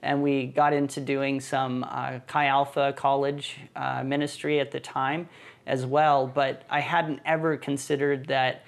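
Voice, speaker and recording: A man who is a missionary and church planting team leader, telling his story in a relaxed, easygoing way on a podcast. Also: medium pitch, unhurried, gravelly. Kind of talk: casual podcast conversation.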